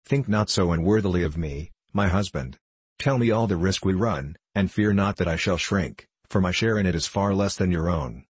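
A man voicing a calm, firm, devoted young wife, speaking slowly and steadily in an audiobook reading. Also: low-pitched, breathy edge, no echo. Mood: resolute.

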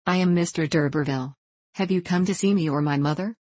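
A woman reading the part of a bold young gentleman who talks in a bland, coaxing way. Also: on the low side, fast talker, no echo, lightly acted.

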